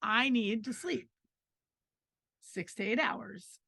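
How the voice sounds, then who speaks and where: A woman's voice: on the high side, slow, gravelly, pushed and bright, breathy edge, dry recording, clean studio sound. A middle-aged woman co-hosting a podcast in casual chat with her husband, firm and matter-of-fact as she holds her ground. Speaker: podcast co-host.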